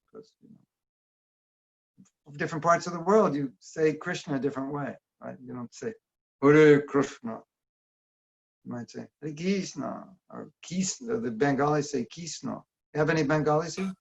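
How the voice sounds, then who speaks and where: Here the workshop teacher's voice is fairly high and slightly rough, with vocal fry and a moderate pace. He gives his casual video-call talk in a chatty way, asking the audience questions, over dull lo-fi online audio.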